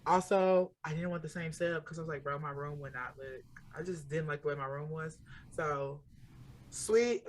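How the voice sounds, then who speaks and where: A woman's voice: lowish voice, slight background noise. A woman in her early twenties from the Southern US, co-hosting a podcast in upbeat casual chat. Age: early 20s. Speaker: podcast co-host.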